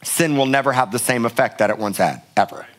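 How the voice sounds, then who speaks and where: A man's voice: mid-range voice, fast, fairly bright tone. A middle-aged male pastor preaching a sermon in a church, emphatic and passionate, often repeating words for force. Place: church sanctuary.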